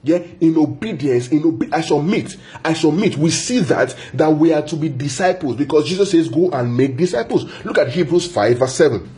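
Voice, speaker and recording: A man's voice: fairly high pitch, lively intonation, moderate pace, few pauses, warm tone. Repetitive, emphatic man preaching. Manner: repeats phrases for emphasis, asks the congregation questions. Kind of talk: sermon.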